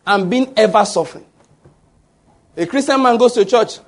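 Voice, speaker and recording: A man's voice: high-pitched, normal speed, long pauses. A man preaching a sermon, often asking the congregation fill-in-the-blank questions. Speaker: pastor.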